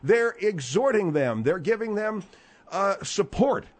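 A man hosting a comedy radio bit, questioning his guest with open disbelief. His voice is high and lively, leaping up and down as he pushes back. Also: a little slow. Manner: incredulous, pushing back.

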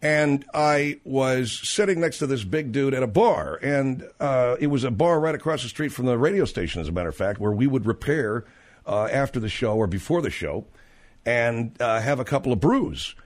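A man's voice: mid-range voice, expressive, moderate pace. Radio talk show host guy, rambly, lots of uhs and restarts, regular middle voice.

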